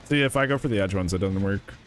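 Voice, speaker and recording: A man's voice: lowish voice, fast talker, slight background noise. A young man streaming a video game, ranting sarcastically and swearing often in casual commentary.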